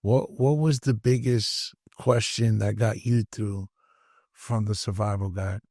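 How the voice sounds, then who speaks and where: A man's voice: on the low side, fairly even intonation, measured pace, darkish tone, no room sound, clean studio sound. Reflective male podcast host. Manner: affirming, reflective, some stammering restarts. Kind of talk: conversational interview.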